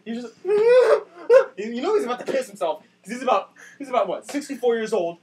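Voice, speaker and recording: A young man telling a comic story in a sarcastic rant with bursts of shouting, recorded on a distant camera mic. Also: extremely high pitch, animated, moderate pace, soft background music. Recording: distant mic with faint noise.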